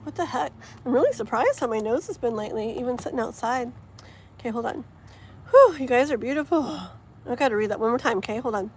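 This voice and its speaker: A woman's voice: a little high, animated, fast talker, a little hiss or hum. A woman hosting a tarot livestream, chatting casually outdoors and reading viewer comments aloud in an effusive, gushing way. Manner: effusive, gushing, many fillers. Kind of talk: casual live-stream chat reading comments. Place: outdoors, wind and passing traffic.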